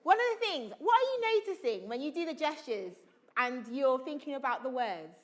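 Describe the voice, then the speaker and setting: A woman whose voice sits high runs an acting workshop for students, speaking briskly and with great animation in what seems to be a school hall or conference room. She keeps firing questions at the group and pushes them to be bold, coaching with high energy.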